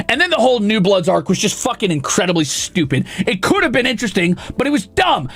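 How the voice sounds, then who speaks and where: A man's voice: very high-pitched, vocal fry, fairly bright tone. A man streaming, ranting in an exasperated, profane and sarcastic way.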